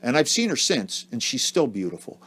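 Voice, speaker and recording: A man co-hosting a casual podcast, telling a story in a halting, earnest way and repeating words as he goes. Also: medium pitch, big pitch swings, fairly bright tone, husky. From Ohio, US. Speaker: podcast co-host.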